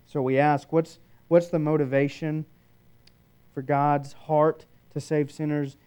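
A man preaching a sermon, shifting between loud emphatic declarations and hushed, quiet passages. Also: a little high, clean tone. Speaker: pastor.

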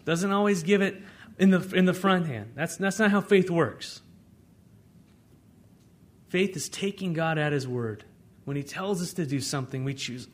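A man preaching a sermon as pastor, in a conversational way, swinging between loud emphasis and hushed asides. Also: on the high side, moderate pace, pauses often.

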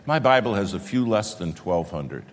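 In a church sanctuary with the long reverb of a large hall, a man with a fairly low voice preaches a sermon. He tells a story animatedly, acting out both sides of a conversation, then drops to a slow, hushed voice to drive a point home.

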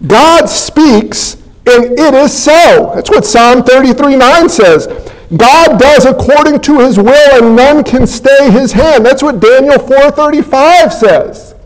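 High-voiced emphatic man preaching. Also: takes it slowly, low-quality recording. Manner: emphatic preaching with rhetorical questions and folksy asides. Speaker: pastor. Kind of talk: sermon.

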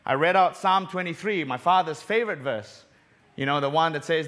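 A middle-aged man from Malaysia giving a sermon, telling a personal story and dropping soft and low on tender moments. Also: moderate pace. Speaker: preacher.

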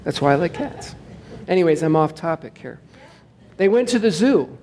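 A man, a pastor, preaching a sermon in a casual, digressive way, joking with the congregation and slowing down to stress scripture. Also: a little high, animated, darkish tone. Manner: conversational and digressive, with jokes to the congregation.

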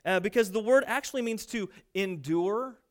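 This thirtysomething pastor's voice sits high, and he speaks at a normal speed. Telling family stories in his sermon, he imitates the voices of his kids and his parents.

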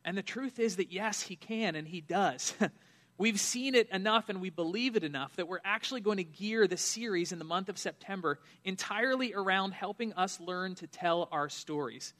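A man's voice: high-pitched, moderate pace, fairly bright tone. A young adult man, a pastor, giving a sermon in an earnest, conversational way with frequent fillers.

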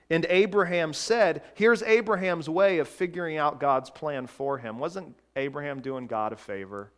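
A man preaching a sermon in a deliberate way, swinging between loud emphasis and quiet, hushed lines. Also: high-pitched, lively intonation.

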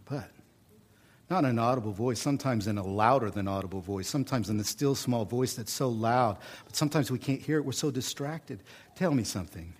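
Folksy Oklahoma pastor preaching. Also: male voice, mid-range voice, fairly quick, breathy edge. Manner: folksy, animated preaching with humor and repetition. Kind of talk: sermon.

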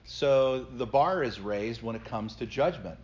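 A man's voice: mid-range voice, expressive, unhurried. A middle-aged man, a pastor, teaching a Bible study class and explaining scripture earnestly to his group. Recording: slightly dull lo-fi recording.

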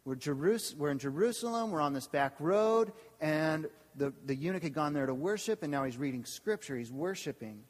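A man with a somewhat high voice delivers a sermon as a campus pastor. He preaches with energy and keeps turning to the congregation with questions. His voice carries a long reverb from a church hall. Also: normal speed, hardly any pauses. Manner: lively, asks the congregation questions.

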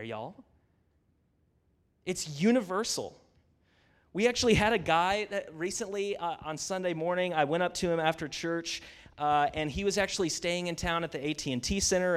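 Male preacher, chatty and eager, somewhat high-pitched. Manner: conversational, enthusiastic, says "y'all". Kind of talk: sermon.

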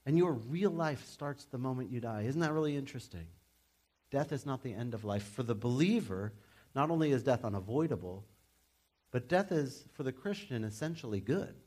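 A male pastor preaching in a relaxed, conversational way. He shifts into animated, humorous asides, and his voice sits at a middle pitch. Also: normal speed. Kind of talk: sermon.

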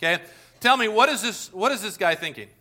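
A man preaching a sermon as pastor, talking straight to the congregation and telling lively stories. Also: high-pitched, fairly quick.

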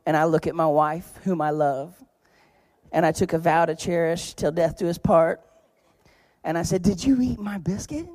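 A man preaching a sermon as pastor, talking in a conversational, joking storytelling way with sudden loud bursts of emphasis. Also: a little high, flat delivery, normal speed, pauses often, dry recording, clean studio sound. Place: church.

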